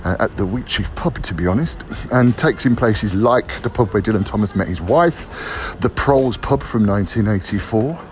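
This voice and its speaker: A man's voice: fairly low pitch, lively intonation, normal speed, a little hiss or hum. A man, a writer, giving a playful, theatrical vlog update while walking outdoors on city streets. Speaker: writer and pub crawl founder.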